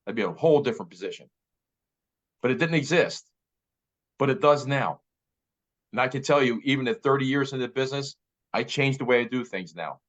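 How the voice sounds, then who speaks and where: A man's voice: medium pitch, fairly bright tone. A man in his fifties giving an emphatic motivational talk as a real estate director, repeating key phrases. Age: 50s. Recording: slightly muffled audio.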